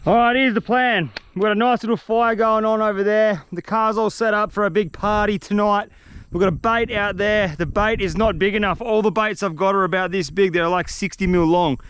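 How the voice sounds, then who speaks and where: A young man with an Australian accent, vlogging his fishing trip outdoors in the bush, excitable and slangy. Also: high-pitched, brisk, clear, resonant tone, no room sound. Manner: excitable, slangy, swears freely. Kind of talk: outdoor vlog talking to camera.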